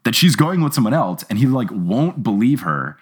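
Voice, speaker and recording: Guy hosting a chatty podcast, acting out lines, swoopy husky voice. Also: medium pitch, moderate pace. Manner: animated, acts out characters' lines while retelling. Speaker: podcast host. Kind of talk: casual podcast chat.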